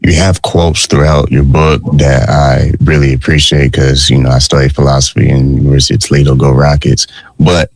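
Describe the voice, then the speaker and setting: Man, show host, very deep voice, dry close sound, rambling questions. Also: no echo. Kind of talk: interview questions.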